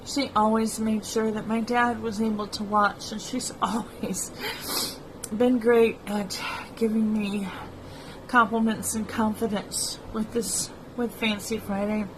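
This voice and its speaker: A middle-aged woman speaks to her viewers unhurriedly, with long pauses between her phrases. Her voice sits a little high for a woman. A faint hiss of noise runs under the recording. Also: flat delivery. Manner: slow, soft-spoken and personal, speaking straight to viewers. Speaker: vlog host. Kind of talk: heartfelt personal vlog talk.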